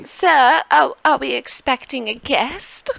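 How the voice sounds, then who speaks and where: Woman playing eager little manservant, high, sing-song, dull lo-fi mic. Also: slow, creaky, background noise, heavily acted. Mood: fawning. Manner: fawning, overly polite. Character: eager cheerful male servant companion.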